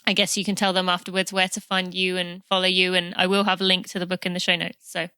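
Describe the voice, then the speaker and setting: A woman's voice: fairly low pitch, monotone, fast, sharp tone, clear, resonant tone, no echo. A woman hosting a podcast interview, chatty and playful, laughing easily. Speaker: podcast host. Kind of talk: casual interview chat.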